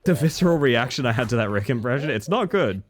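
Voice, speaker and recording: With a mid-range voice, lively intonation, and a fast pace, this man livestreams a video game. He keeps up casual talk with his viewers, laughing frequently and cursing without restraint.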